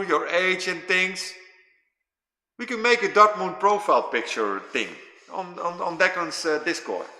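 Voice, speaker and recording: A man in his fifties hosts a casual livestream chat with viewers, eating as he talks and rambling and repeating himself. His voice is high-pitched, bright, and forceful, heard in an echoey room with long reverb.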